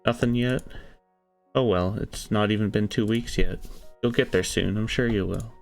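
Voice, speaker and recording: A man's voice: lowish voice, normal speed, creaky, soft background music. A man voicing a fussy, controlling young woman who dotes sweetly while bossing her partner around, for a visual novel. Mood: reassuring. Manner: sweetly doting, bossy.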